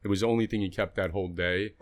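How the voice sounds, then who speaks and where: A man appearing as a guest artist on a podcast, telling his story in a relaxed way with fillers and the odd swear word. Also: deep voice, rapid-fire. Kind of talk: casual chat.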